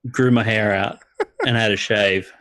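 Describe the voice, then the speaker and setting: A man with an Australian accent in a casual online chat, swearing often and pausing with fillers. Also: lowish voice, fairly even intonation, fairly bright tone, poor audio. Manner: swears a lot, halting with fillers. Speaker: guest.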